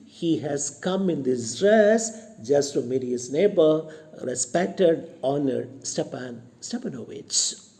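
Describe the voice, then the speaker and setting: A man's voice: a little high, expressive, takes it slowly, dark tone. A male college English lecturer with an Indian English accent, explaining a play to students and retelling each line in simple words.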